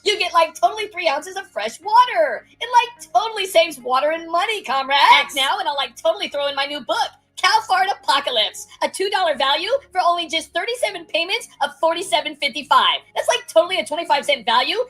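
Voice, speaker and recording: A woman voicing a ditzy valley-girl saleswoman giving a parody infomercial pitch, full of "like, totally". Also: expressive, a little fast, hardly any pauses, a bit bright. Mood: hyped. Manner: filler "like, totally", hard-sell pitch.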